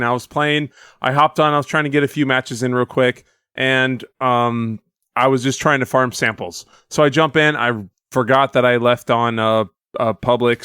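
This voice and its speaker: A man's voice: medium pitch, fairly bright tone, clean tone, no echo, clean studio sound. A man co-hosting a casual gaming podcast, rambling through a story with restarts and laughs. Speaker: podcast co-host.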